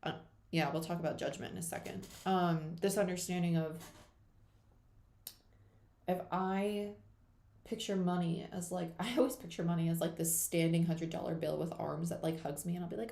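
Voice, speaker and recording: A young woman rambles through a casual live chat with her viewers. She fills her talk with "like" and "um" as she drifts from one thought to the next. Her voice sits low and mellow, caught by a computer mic in an echoey room. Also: steady tone, moderate pace, creaky. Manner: rambling and chatty, many fillers, talks to viewers while doing makeup. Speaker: tarot reader hosting a live chat.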